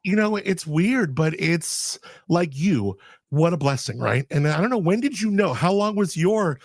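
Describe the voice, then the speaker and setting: A man hosts a relaxed podcast interview, telling his stories in a chatty, animated way with quoted dialogue. His voice sits a little higher than most men's, and it's recorded close and dry with almost no room sound or echo.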